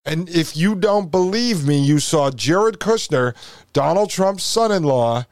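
A man hosting a commentary podcast, speaking slowly and deliberately with a fairly high voice. He is emphatic and keeps pressing the listener with repeated rhetorical questions. The sound is close and dry, with no room around it. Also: lively intonation, no echo. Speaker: podcast host. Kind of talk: opinionated commentary.

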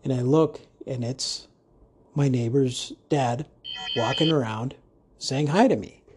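A man's voice: medium pitch, slow pace, darkish tone, slight background noise. A man hosting a podcast, talking in a casual monologue with jokey, rambling asides. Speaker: podcast host.

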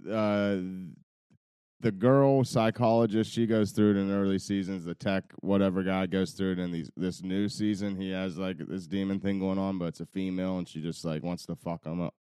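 Man, young, casual podcast chat, rambling, laughing, deep, dry close sound. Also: fairly even intonation, moderate pace, dark tone, smooth, no echo. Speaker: podcast co-host.

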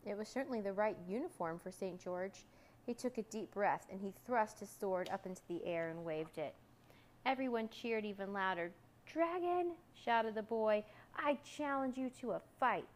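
A woman narrating a children's storybook, lively and expressive. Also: rough recording. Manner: lively, voicing characters with raised pitch for shouts. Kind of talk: storybook reading aloud.

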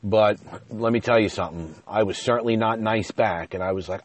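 Deep-voiced guy rambling thru a podcast story, self-deprecating, lots of "you know", dead dry sound. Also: brisk, no room sound. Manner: gets loud and high when retelling arguments. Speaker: podcast host. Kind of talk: casual storytelling monologue. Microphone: podcast mic.

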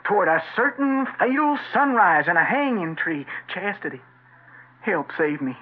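Smooth-talking cowboy swindler, lively showy delivery, tinny phone-like radio sound. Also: male voice, sits high, moderate pace. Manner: theatrical, florid, smooth-talking. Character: slick western con man feigning reform. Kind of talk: 1940s radio acting. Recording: tinny old radio broadcast.

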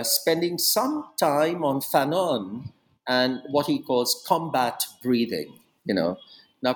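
A man's voice: medium pitch, low-quality recording. A man being interviewed about his book, talking in a reflective way with frequent asides and restarts. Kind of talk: academic interview.

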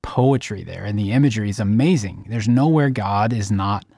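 A man's voice: lowish voice, normal speed, gravelly, warm tone, husky, dry recording, studio quality. A man co-hosting a faith podcast, talking candidly in a searching way and putting questions to his co-hosts. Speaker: podcast co-host. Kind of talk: conversational faith discussion.

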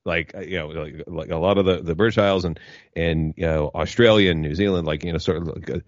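A man's voice: low voice, steady tone, quick pace, no room sound, lo-fi sound. A man co-hosting a podcast, telling a rambling story in casual chat. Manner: rambling, lots of fillers and backchannels. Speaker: podcast co-host.

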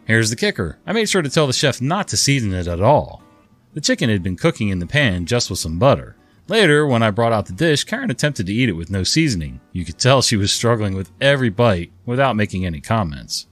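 A low-pitched man narrates online stories and adds his own wry remarks. His delivery is lively, with wide swings in pitch. Faint music plays underneath. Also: a little fast. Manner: wry, conversational, animated. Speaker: story narrator. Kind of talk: reading online stories with chatty commentary.

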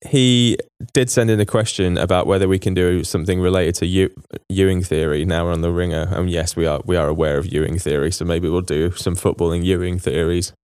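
A man's voice: deep voice, steady tone, fairly quick, hardly any pauses, darkish tone, clear, resonant tone, no room sound, studio quality. A man co-hosting a casual football podcast, chatting and reading out listener emails. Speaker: podcast co-host. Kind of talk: casual chat.

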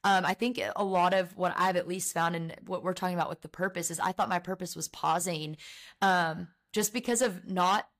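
A woman's voice: on the low side, fairly even intonation, moderate pace, fairly bright tone. A young woman, a guest on a podcast, talking about faith and her book in an earnest, heartfelt way with many fillers. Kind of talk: casual faith chat.

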